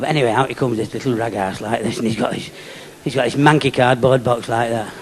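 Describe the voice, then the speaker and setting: A man with a Yorkshire accent doing a deadpan stand-up comedy routine with chatty asides to a live audience. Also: mid-range voice, a little fast, few pauses. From Yorkshire, England. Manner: deadpan delivery with chatty asides and tag questions. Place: live venue with laughing audience. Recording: live club recording with crowd laughter and noise.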